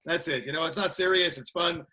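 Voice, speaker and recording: Upbeat fast-talking male podcast guest. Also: on the high side, bright, forceful tone. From Canada. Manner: upbeat, laughs a lot, repeats "that's it". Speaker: guest, martial arts trainer. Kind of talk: casual chat.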